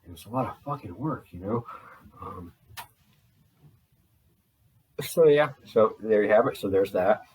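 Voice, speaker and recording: A man talking in a rambling video journal, holding back a restless energy and slowing himself down on purpose. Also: on the low side, lively intonation, darkish tone, recorded from a distance, a little hiss or hum, rough recording. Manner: restless, deliberately slowed and restrained delivery; frequent fillers and restarts. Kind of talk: rambling personal journal talk. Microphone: laptop.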